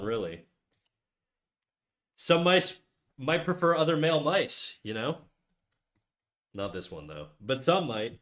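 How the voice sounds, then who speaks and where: A man's voice: medium pitch, sing-song, takes it slowly, pauses often, fairly bright tone. Crude, joking young male streamer. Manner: crude, joking, rambling with restarts. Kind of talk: casual livestream chat. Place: home room.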